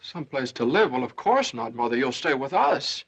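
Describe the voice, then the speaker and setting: An actor playing a flustered young newlywed son in a 1930s film, hesitant and stammering. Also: male voice, medium pitch, sing-song, moderate pace, fairly bright tone, breathy edge, heavily acted. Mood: sheepish. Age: young adult. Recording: dull old film soundtrack.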